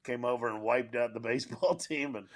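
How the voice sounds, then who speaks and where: A man hosting a podcast, telling a comedy-club anecdote in casual chat with quick asides. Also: medium pitch.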